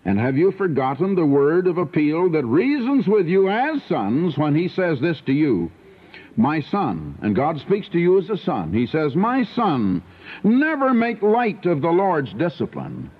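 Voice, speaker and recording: Older preacher on a tinny radio broadcast. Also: male voice, a little high, unhurried, husky. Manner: folksy storytelling preaching, animated. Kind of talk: radio sermon.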